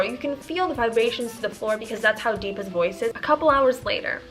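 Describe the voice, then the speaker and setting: A woman from Tanzania telling a storytime vlog in a chatty, animated and dramatic way. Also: fairly high pitch, brisk, music in the background. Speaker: vlogger.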